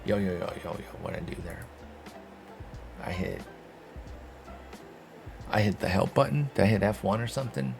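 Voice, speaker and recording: Excitable man commentating a game. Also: sits low, normal speed, vocal fry, pauses often, over music. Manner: excitable, self-mocking, talks to viewers. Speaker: gaming video host.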